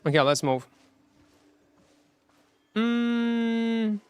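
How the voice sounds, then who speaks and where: High-voiced male game streamer, self-mocking. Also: lively intonation, extremely slow, clean tone, no room sound. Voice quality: non-native English grammar. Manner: self-mocking, talks to chat, hums between plays. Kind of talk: casual live-stream chat while playing.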